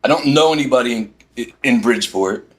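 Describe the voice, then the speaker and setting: An exasperated Philadelphia vlogger, medium-pitched and a little fast, rants from inside a parked van. His storytelling is animated, with quoted dialogue going back and forth.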